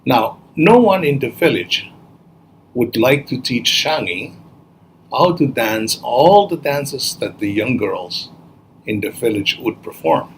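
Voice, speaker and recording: A man telling a children's story in a gentle, expressive manner. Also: medium pitch, slow, slight background noise, low-quality recording.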